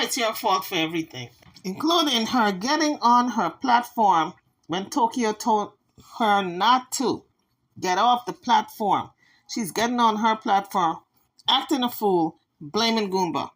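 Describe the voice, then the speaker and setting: A woman's voice: mid-range voice, animated, moderate pace, fairly bright tone, low-quality recording. A woman vlogger giving casual gossip commentary, dramatic and playful, with sassy asides.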